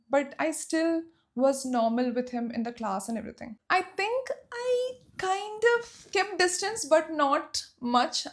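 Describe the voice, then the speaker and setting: A woman's voice: a little high, gravelly. A young woman from Saudi Arabia telling a personal story in a storytime vlog, emotional and emphatic. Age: young adult.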